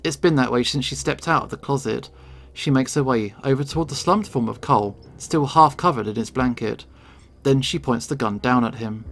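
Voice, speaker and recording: A man's voice: medium pitch, normal speed, a bit bright. A man reading a visual novel aloud in first person, with dramatic expression. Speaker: game reader.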